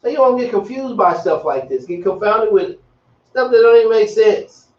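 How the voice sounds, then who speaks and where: A man teaching a class in a relaxed, slangy way, repeating himself as he explains. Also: high voice, moderate pace. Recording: echoey, distant, dull room sound.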